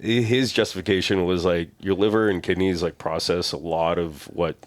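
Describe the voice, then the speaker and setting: A man's voice: deep voice, moderate pace, dry recording. A man hosting a casual podcast chat, telling stories and acting out quotes with a lot of energy. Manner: animated storyteller, acts out quotes loudly.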